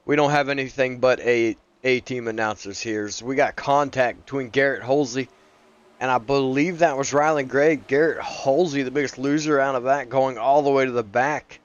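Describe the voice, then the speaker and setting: Brief: easygoing male race co-commentator, mid pitch, slightly muffled lo-fi mic. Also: normal speed, smooth. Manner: easygoing, excitable on race action. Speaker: sim racing co-commentator.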